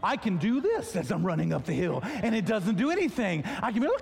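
A pastor delivering a sermon, telling a story with lively acted-out dialogue. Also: male voice, sits high, quick pace, gravelly, few pauses, husky. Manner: animated storytelling, acting out dialogue. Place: church auditorium. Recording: long reverb of a large hall.

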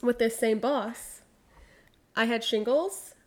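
A young woman chatting casually and telling an animated story, acting out what others said and laughing often. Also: on the high side, slow.

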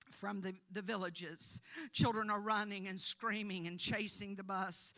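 A woman preacher telling a mission story in a sermon, swinging from quiet storytelling to emphatic, rising preaching. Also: mid-range voice. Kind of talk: sermon testimony.

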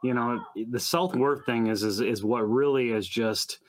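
A man's voice: mid-range voice, unhurried. Encouraging male podcast host. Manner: encouraging, warmly pushing the guest to open up. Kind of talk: casual interview chat.

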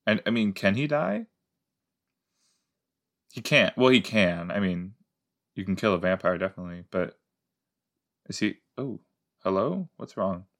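A man's voice: low voice, expressive, a little slow, vocal fry, pauses often, fairly bright tone. A man hosting a podcast and giving playful, rambling commentary as he rewatches a show. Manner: playful, rambling, self-mocking. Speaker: podcast host.

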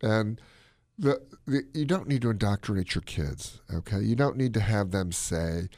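A man co-hosting a podcast, talking his opinions in a casual, animated way. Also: lowish voice, normal speed, dry recording, clean studio sound. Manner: animated, opinionated, drops into playful put-on accents. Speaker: podcast co-host.

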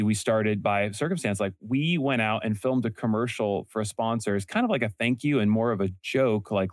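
A man's voice: lowish voice, no echo, studio quality. A young man telling stories earnestly in a casual interview, often correcting himself mid-sentence. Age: young adult. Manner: earnest storytelling, quick self-corrections. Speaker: podcast host and entrepreneur guest.

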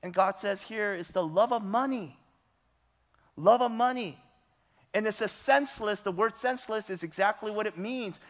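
A man's voice: sits high, fairly bright tone. A male pastor preaching a sermon with emphasis, putting rhetorical questions to his congregation. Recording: long hall reverb.

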